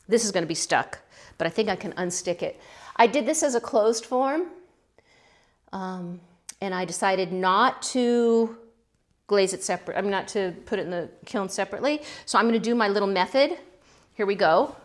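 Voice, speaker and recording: Middle-aged woman, casual vlog host, chatty and effusive, mid-range pitch. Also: moderate pace, long pauses. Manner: chatty and gushing, with gasps and little exclamations. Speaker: pottery channel host. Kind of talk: casual kiln-opening vlog chat.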